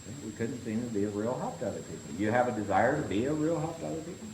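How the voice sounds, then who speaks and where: A man's voice: mid-range voice, lively intonation, very fast, darkish tone. Man leading a group study, punchy short phrases, keeps asking see, echoey room, faint hiss. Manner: punchy, repeats "see?" often. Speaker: Big Book study leader. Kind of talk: recovery group teaching talk.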